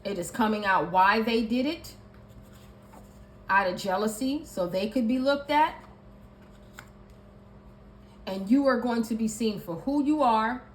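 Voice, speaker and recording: A woman's voice: a little high, moderate pace. Woman doing a tarot reading, pushy repetitive delivery, echoey room with a bit of hiss. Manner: emphatic and repetitive, listing card meanings. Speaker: tarot reader. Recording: echoey room with faint ambient noise.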